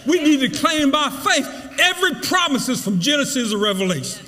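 High-pitched, lively male preacher. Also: brisk, long reverb tail. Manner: preaching with repetition and rising emphasis. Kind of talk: sermon.

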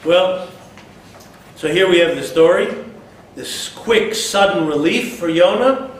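High-voiced man teaching Bible text, echoey room. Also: takes it slowly. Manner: explains Hebrew verses in English, rising emphatically when voicing the prophet. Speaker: Torah teacher. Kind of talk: text-based Bible class. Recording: distant mic in an echoey room.

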